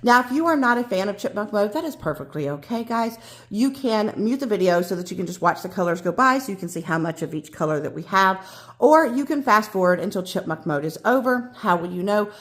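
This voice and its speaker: Woman craft vlogger, mid-pitched, friendly and explanatory. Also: animated, fairly quick, fairly bright tone. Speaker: diamond painting vlogger. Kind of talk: casual tutorial chat.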